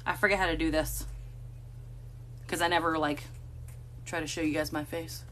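A woman's voice: low voice, steady tone, normal speed, a bit bright, a little hiss or hum. A woman hosting a casual live stream from a room at home, chatting to viewers and cooing baby talk to her cats.

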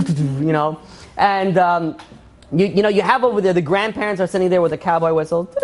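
A man teaches a relaxed religious class, racing through parables about kings and diamonds in a loose, rambling way. He is packed with fillers and restarts, and he slips into quick voices for the characters. His delivery is brisk and chatty, not polished. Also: high voice. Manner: rambling storyteller, many fillers, acts out quotes. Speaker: rabbi. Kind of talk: informal Torah class.

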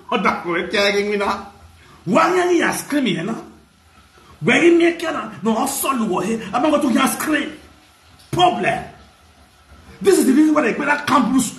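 A Nigerian man with a loud, mocking manner, ranting in a gossip vlog with bursts of shouting and laughter. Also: extremely high pitch, roomy sound. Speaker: gossip vlogger.

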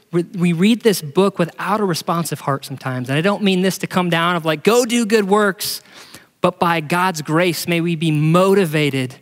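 A man's voice: on the high side, in a large hall. A man in his thirties preaching a sermon as pastor, earnest, acting out little dialogues to make his points. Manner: earnest, acts out dialogue voices for illustrations. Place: church auditorium.

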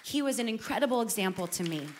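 A woman's voice: on the high side, lively intonation, fast talker, background noise. A middle-aged woman giving an earnest, emotional personal testimony as a worship singer. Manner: earnest storytelling, emotional, with repeated phrases.

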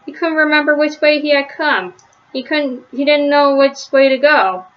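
A woman reading a children's story aloud, gentle, with small slips and restarts, on a slightly lo-fi recording. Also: high-pitched, moderate pace. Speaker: storybook reader.

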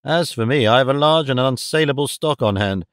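Cynical young gentleman, mocking and deadpan, voiced by a male reader. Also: medium pitch, brisk, no echo, close to an everyday voice. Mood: wry. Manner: dry, mocking asides. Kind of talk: audiobook reading.

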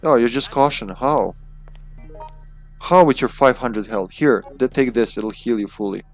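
A man live-streaming a co-op game, chatting casually, laughing often and thinking out loud. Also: medium pitch, a little slow, soft background music. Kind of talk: casual co-op gameplay chat.

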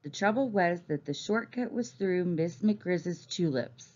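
A woman teacher reads a storybook aloud, slowly and gently, with expressive phrasing. The recording is a little dull and muffled. Her pace is unhurried. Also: on the low side.

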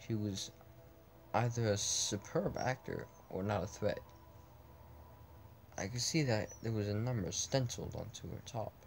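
A man's voice: fairly low pitch, a little slow, creaky, long pauses, a little hiss or hum. A man reading a text adventure game aloud as a let's play, often stumbling over words and breaking off with puzzled asides.

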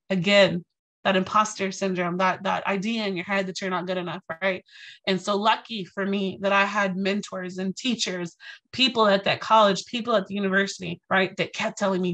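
Bright, animated woman telling a story. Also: mid-range voice, fairly quick. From Texas. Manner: animated, acts out quotes, addresses audience directly. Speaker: guest speaker. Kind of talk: storytelling lecture to a live audience.

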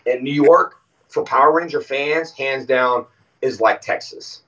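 A man as an interview guest, telling stories casually and acting out quoted lines with animated voices. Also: mid-range voice, measured pace. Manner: animated, acts out quoted dialogue. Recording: distant, muffled audio.

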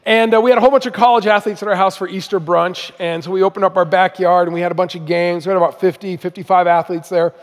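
A man's voice: high-pitched, level tone, fast, few pauses. A middle-aged man from Southern California, a missionary guest speaker telling his story in a conversational, humorous sermon. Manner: conversational, humorous, self-deprecating. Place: church auditorium. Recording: long hall reverb.

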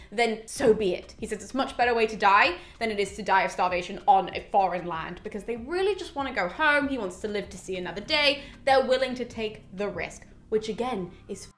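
A woman's voice: a little high, fairly bright tone. A woman hosting a classics lesson, casually retelling a myth in a chatty, exasperated way. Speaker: classics educator, host. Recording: roomy echo.

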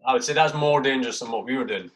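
Racing along in a medium-pitched, somewhat bright voice, a man in his thirties who is an army sergeant tells war stories on a podcast. The storytelling is casual, full of swearing and "mate" in every sentence, and he acts out how he once reacted.

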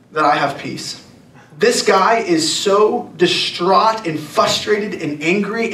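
A man preaching to a youth group in an earnest, conversational way, hammering points home by repeating them. His voice sits high for a man. The sound carries the echo of a large room, picked up from a distance. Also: a bit bright. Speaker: youth pastor. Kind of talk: sermon to students. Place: church youth hall. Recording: echoey hall, mic at a distance.

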